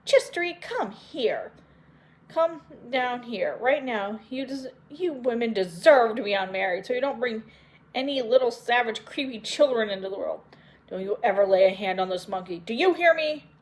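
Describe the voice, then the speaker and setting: A woman's voice: on the high side, expressive, normal speed, darkish tone, lightly acted. A woman reading an audiobook, voicing a fierce, irritable witch who scolds sharply. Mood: furious.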